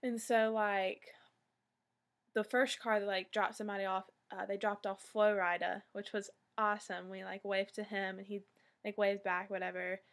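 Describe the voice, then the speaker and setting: A woman's voice: medium pitch, level tone, normal speed. A young woman, telling a story in a chatty vlog style full of fillers. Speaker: vlogger. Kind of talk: casual storytelling.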